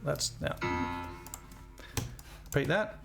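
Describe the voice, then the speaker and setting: A man, a music teacher talking through a composition demo while thinking aloud. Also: slow pace. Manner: thinking aloud, scatting melodies. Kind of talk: screen-recorded composition demo.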